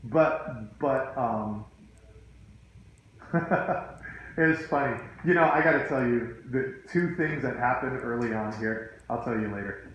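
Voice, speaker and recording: A middle-aged man spins a high school story for his students, animated and chatty. His voice sits at an ordinary pitch and rings in a very echoey room. A faint hum of noise is heard behind him. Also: slow pace. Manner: animated, chatty, full of asides.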